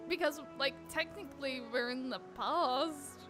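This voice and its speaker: A woman's voice: high-pitched, unhurried, over music. A young woman streaming a game, chatting casually with giggly, rambling asides about pronunciations and her setup. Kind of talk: casual gameplay commentary.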